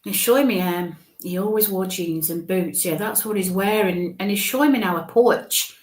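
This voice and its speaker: Halting woman in a roomy space. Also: mid-range voice. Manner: halting, thinks aloud with frequent restarts. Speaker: psychic medium. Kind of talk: live mediumship reading.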